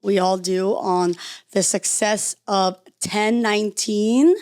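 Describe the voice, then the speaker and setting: A woman's voice: mid-range voice, steady tone, slow pace, a little mellow, clear, resonant tone, no room sound, clean studio sound. Giggly middle-aged woman hosting a chat. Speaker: podcast host. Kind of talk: casual interview chat.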